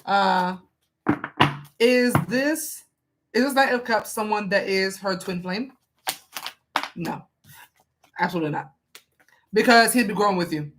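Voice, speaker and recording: Over music, a woman with a medium-pitched voice reads tarot cards for a viewer, speaking a little slowly with long pauses. She's casual and chatty, asking the cards questions aloud and speaking with emphasis.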